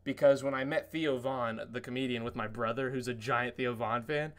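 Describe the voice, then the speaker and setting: A man's voice: medium pitch, steady tone, normal speed. Rambling, swearing man hosting a podcast. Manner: rambling storyteller, heavy on "like" fillers and swearing. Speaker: podcast host. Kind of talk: casual podcast chat.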